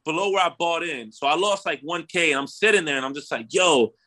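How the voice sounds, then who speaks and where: His voice sits on the high side and moves fairly quickly: a young man spinning a story in relaxed chat. He's animated and slangy, cursing and capping lines with "bro" and "right?".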